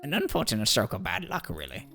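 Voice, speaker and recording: A woman's voice: very deep voice, huge pitch swings, fast talker, vocal fry, a bit bright, soft background music, heavily acted. A woman doing a lofty, riddling talking cat. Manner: drawling, lofty, condescending. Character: sly, pompous talking cat, long-winded and riddling. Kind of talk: fan voice acting of a game.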